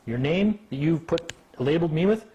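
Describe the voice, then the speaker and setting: A man giving an informal talk to a small group, animated, acting out the people he quotes and often asking "right?". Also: a little high, normal speed, slight background noise. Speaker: speaker at a meeting.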